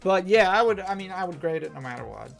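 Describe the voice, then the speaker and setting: A man's voice: sits high, expressive, quick pace, creaky, a bit bright, soft background music. A man with a Wisconsin accent hosting a live stream, opening card packs and reading out chat, chatty and self-deprecating with frequent laughs. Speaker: host.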